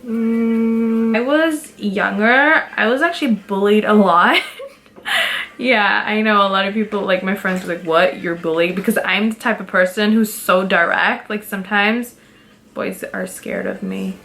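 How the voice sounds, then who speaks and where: A woman's voice: medium pitch, fairly even intonation, a little slow, a bit bright, slight background noise. A young woman talking casually to her camera as a beauty vlogger, direct and giggly, filling her talk with "like". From Pakistani roots. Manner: chatty, direct, giggly, lots of "like".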